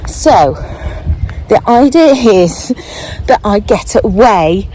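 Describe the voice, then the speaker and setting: Slow-talking older woman vlogging on a walk. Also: medium pitch, lively intonation, mellow, a little hiss or hum, rough recording. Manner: chatty, unhurried, thinking aloud. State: out of breath while walking. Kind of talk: casual walking vlog. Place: outdoors, walking.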